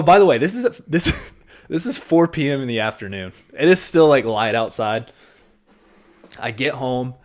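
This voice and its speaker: A man co-hosting a podcast, telling a story casually and animatedly, swearing and acting out what he said. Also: mid-range voice. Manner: animated, swearing, acts out his own past lines. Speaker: podcast co-host.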